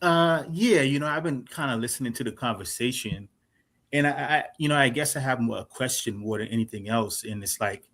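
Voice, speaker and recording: A man from South Carolina with a Gullah Geechee accent, calling into a live-stream debate, halting at first and then defensive and loud. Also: mid-range voice. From Charleston, South Carolina. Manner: hesitant, then raises his voice defensively. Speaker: caller.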